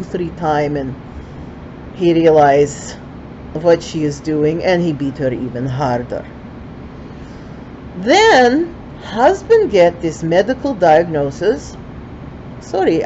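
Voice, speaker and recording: Older Ukrainian-accented woman, native Ukrainian speaker, unhurried folksy storyteller in broken English, dull lo-fi recording. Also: lowish voice, mellow, slight background noise. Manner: broken English, chatty asides.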